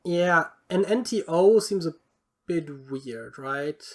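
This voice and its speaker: A podcast co-host in loose, casual chat, muttering through guesses and thinking out loud. The voice sits at an ordinary middle pitch, and the talk is full of fillers and offhand swearing. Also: animated, slow.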